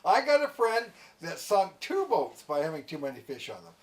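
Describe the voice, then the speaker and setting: A man's voice: high-pitched, wildly swooping pitch, moderate pace. A man interviewing a guest in casual chat, folksy and joking. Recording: voice distant from mic.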